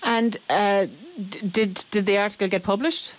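A woman's voice: mid-range voice, normal speed. A woman hosting a radio phone-in, questioning callers with stammered restarts.

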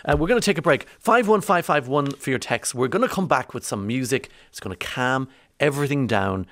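An Irish man from County Monaghan hosting a morning radio show, chatty and rambling, swinging from bright to low. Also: expressive, brisk, no room sound. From County Monaghan, Ireland. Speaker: radio host. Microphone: studio microphone.

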